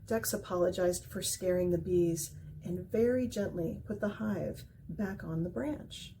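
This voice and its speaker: A woman reads a children's picture book aloud, gentle and expressive. Her voice is mellow and soft, with a faint hiss behind it. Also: on the low side, measured pace.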